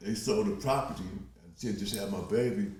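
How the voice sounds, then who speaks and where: A man in his sixties from Compton, a podcast guest telling stories in a casual, profane, animated way and laughing often. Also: fairly low pitch, fairly quick. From Compton, Los Angeles. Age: 60s. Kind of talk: casual storytelling. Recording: roomy echo.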